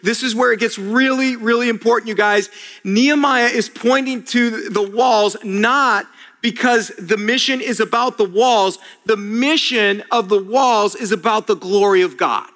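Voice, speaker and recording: A man's voice: high-pitched, measured pace, a bit bright. A man preaching a sermon as a pastor, earnest and casual, often restarting his words and addressing listeners as "you guys.". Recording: long reverb of a large hall.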